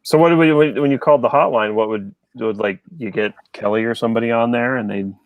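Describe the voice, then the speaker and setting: A man's voice: medium pitch, fast talker, no room sound, narrow, tinny audio. A man chatting casually while he draws on a live stream, rambling and self-deprecating. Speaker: artist on a live drawing stream. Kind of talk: casual chat while drawing.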